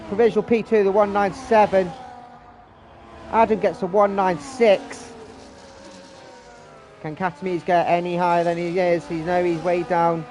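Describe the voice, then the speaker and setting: Excitable man calling a sim race. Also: sits high, slight background noise. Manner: excitable, breathless, rapid calls with repeated exclamations. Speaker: race commentator and league host. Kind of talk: live sim-racing commentary.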